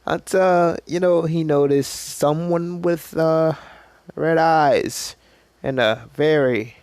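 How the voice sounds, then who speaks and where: A man's voice: a little high, fairly even intonation, slow, darkish tone, clear, resonant tone, no room sound. A man casually narrating an improvised fan story, rambling and self-deprecating.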